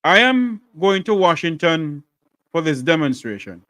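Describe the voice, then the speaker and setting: A man's voice: on the high side, sing-song, measured pace, fairly bright tone, no echo. A man hosting a call-in talk show, speaking to his listeners in a direct, plain-spoken way.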